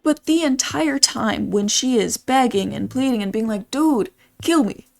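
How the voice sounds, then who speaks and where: A woman's voice: on the high side, animated, normal speed, creaky. A young woman giving casual, blunt opinion commentary in a slangy, opinionated manner. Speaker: movie commentary YouTuber.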